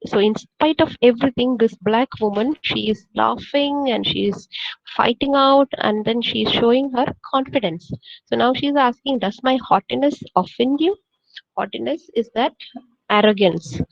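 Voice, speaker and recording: A woman with a fairly high voice teaches a poem, reading each line slowly before paraphrasing it with rhetorical questions. The recording is dry and a little dull, with no room echo. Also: vocal fry. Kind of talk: poetry lesson, explaining line by line.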